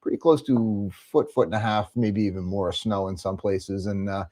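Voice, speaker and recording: A man from New Jersey hosts a casual live cruise chat show. His voice sits a little low, and his talk wanders, full of "uh"s and false starts. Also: steady tone, moderate pace, warm tone. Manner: rambling, many fillers and restarts. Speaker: cruise travel show host.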